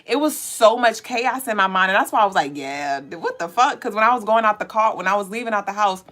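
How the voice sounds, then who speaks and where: A woman hosting a casual livestream, talking straight to her viewers and reading out their comments. She is chatty and animated, laughs often and swears freely. Her voice sits at an ordinary middle pitch for a woman. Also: fast talker. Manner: swears casually, with high squealing bursts. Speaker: livestream host.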